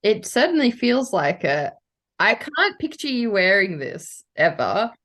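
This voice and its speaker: A woman's voice: mid-range voice, sing-song, unhurried, a bit bright. A woman with an Australian accent chatting as a podcast co-host, giggly and playful. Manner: giggly, playful, puts on silly voices. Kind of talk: casual chat.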